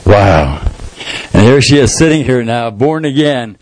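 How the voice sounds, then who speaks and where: A man's voice: medium pitch, very animated, unhurried, a little mellow, no room sound, low-quality recording. A male pastor preaching a sermon, telling a story and acting out the people in it in different voices. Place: church sanctuary.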